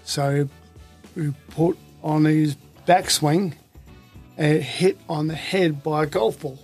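A man tells a joke at an unhurried, halting pace, restarting his sentences as he goes. His voice sits a little higher than most men's, and soft music plays underneath. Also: steady tone. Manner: slow, halting delivery with restarts. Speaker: interview guest. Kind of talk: telling a joke in casual conversation.

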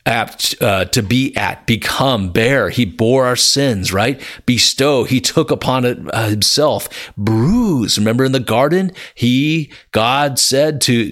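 A man giving an earnest devotional Bible teaching, speaking straight to the listener and rising to excited, emphatic peaks. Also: medium pitch. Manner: earnest, swells to excited exclamations, addresses listener as my friend.

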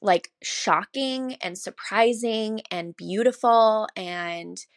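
A young woman telling a personal story as a podcast guest, chatty and animated, full of likes and self-corrections, acting out the voices of the people she quotes. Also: takes it slowly, no room sound. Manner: animated, acts out quoted voices with big pitch jumps. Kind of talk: casual storytelling.

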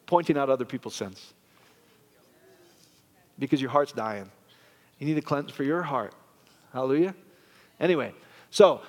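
Male pastor, sermon delivery, animated and playful with the congregation, slightly higher voice, long church-hall reverb. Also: brisk.

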